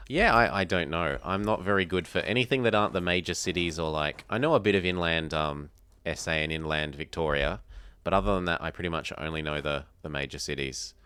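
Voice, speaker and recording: A man's voice: deep voice, fairly quick, sharp tone, smooth, no echo. An Australian man from South Australia, chatting casually as he streams a strategy game, thinking aloud and answering viewers. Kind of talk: casual live gameplay commentary.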